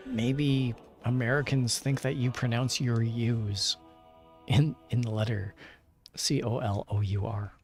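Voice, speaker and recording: Male streamer, relaxed and rambling, mid-range voice, soft music underneath, easygoing chat with viewers. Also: a little slow. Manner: rambling, low-key, chatting back to viewers. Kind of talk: casual chat while gaming.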